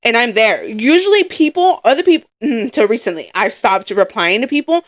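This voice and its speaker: A woman's voice: on the high side, big pitch swings, normal speed. A young woman co-hosting a podcast, talking in a rambling, filler-heavy, emotional way. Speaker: podcast co-host. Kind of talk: casual chat.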